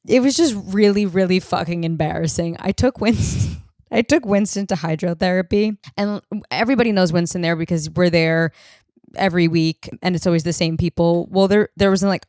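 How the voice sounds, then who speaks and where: Young woman host, lowish smooth voice, chatty and swearing, dry close sound. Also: a little fast, no room sound. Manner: animated, profane, self-deprecating storytelling. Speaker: podcast host. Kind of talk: casual storytelling chat. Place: home room used as podcast studio.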